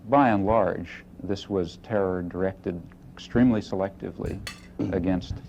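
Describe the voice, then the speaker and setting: A man answering in a televised debate, measured and careful, heard through a dull, hissy archive recording. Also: low voice, fairly even intonation, vocal fry, a little mellow. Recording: dull lo-fi archive clip with faint hiss.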